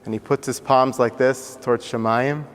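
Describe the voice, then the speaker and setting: Male storyteller, mid-pitched, vivid and theatrical, long hall reverb. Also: fairly even intonation, normal speed, clear, resonant tone. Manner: vivid, acts out voices, swings loud and soft. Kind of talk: dramatic storytelling talk.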